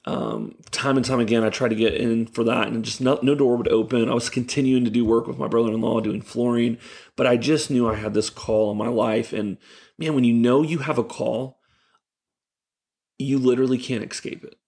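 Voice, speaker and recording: A young man, a youth pastor, telling animated stories in casual chat with lots of fillers. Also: mid-range voice, brisk, creaky, husky. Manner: animated, laughing storyteller with many fillers. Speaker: youth pastor, podcast guest.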